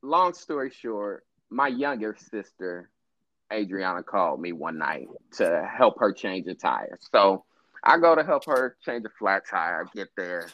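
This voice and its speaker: A man's voice: low voice, a little slow, no room sound, lo-fi sound. A man telling a long story in casual chat, swearing freely and acting out what people said. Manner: profane, animated storyteller acting out quotes.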